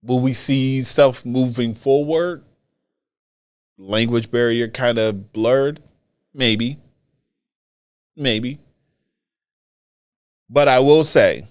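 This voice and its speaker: Slow-talking man hosting a wrestling podcast. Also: medium pitch. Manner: animated, repeats phrases for emphasis. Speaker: podcast host. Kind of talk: solo wrestling commentary podcast.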